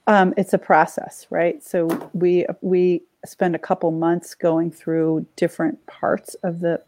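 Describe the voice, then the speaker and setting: Low, even-voiced woman explaining. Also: slow, slight background noise. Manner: explains at length, with dry sarcastic asides. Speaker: school committee member. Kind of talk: casual discussion.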